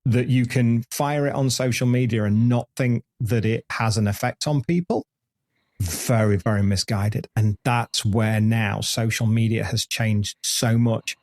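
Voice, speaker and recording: A man's voice: mid-range voice, measured pace, darkish tone. A man in his fifties, a podcast host telling rambling stories with lots of restarts in a candid interview. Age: 50s. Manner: rambling anecdotal storyteller with frequent restarts.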